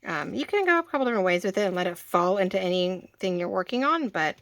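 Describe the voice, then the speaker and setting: A woman in her forties talks through a craft project at her table in a loose, rambling way, often stopping and restarting her sentences. Her voice sits at an ordinary middle pitch. The recording is dry and close, with almost no room sound. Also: lively intonation, fast talker, fairly bright tone, no echo. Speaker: craft channel host. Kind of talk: casual craft tutorial.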